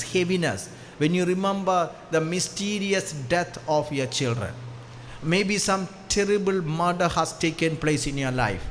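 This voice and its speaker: A male priest giving a storytelling sermon, repeating key phrases and swinging from hushed to loud as he leads the congregation in call-and-response. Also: on the high side, slight background noise.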